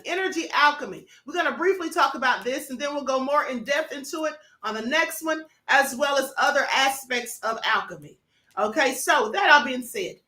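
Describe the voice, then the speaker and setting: Bright, high-voiced woman host. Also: echoey room. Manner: chatty, greets viewers by name, calls them honey and beloved. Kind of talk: livestream talk to members.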